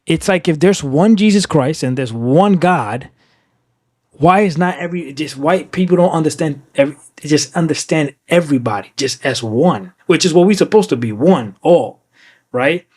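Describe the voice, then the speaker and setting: Emphatic man with a fairly high voice. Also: lively intonation, normal speed, darkish tone, breathy edge, dry recording, studio quality. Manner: emphatic, keeps checking in with "right?"; switches into Spanish at times. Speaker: podcast conversation partner. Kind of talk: casual podcast conversation.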